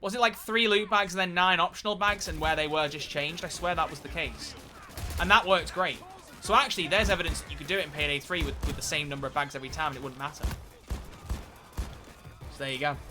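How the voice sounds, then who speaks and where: Bright-voiced streamer chatting over gameplay. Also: male voice, a little high, fast, faint music behind. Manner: chatty, rambling, jokey, swears freely. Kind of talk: casual gameplay commentary.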